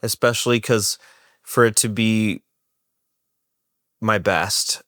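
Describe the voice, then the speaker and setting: A man's voice: lowish voice, fairly even intonation, takes it slowly, bright, forceful tone, no echo, studio quality. A man hosting a podcast, talking casually in a rambling way with many restarts. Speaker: podcast host.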